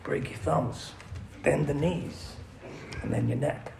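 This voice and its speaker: A man voicing a muscular father of the bride quietly threatening his new son-in-law, low and hushed, in an echoey room. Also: fairly even intonation, slow pace, creaky, crowd noise, heavily acted. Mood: menacing.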